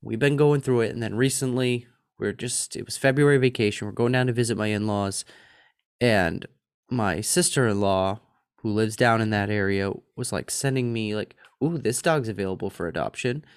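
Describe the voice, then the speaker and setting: A man in his thirties co-hosting a podcast, telling a story in a lively, chatty way and mimicking other people's voices. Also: lowish voice, normal speed, clear, resonant tone. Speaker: podcast co-host. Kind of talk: casual chat.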